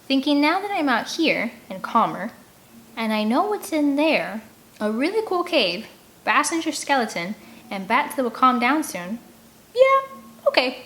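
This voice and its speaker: A woman's voice: a little high, normal speed, low-quality recording. Woman reading a kids' book aloud. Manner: expressive storytelling, chatty asides. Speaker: audiobook reader. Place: home room by a large window. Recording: steady background hum.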